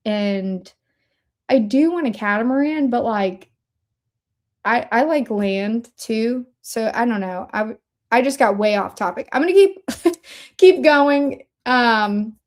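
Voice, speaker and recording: A woman's voice: on the high side, animated, takes it slowly. A woman hosting a casual commentary livestream, who talks in a chatty, rambling way and often interrupts herself. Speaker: livestream host.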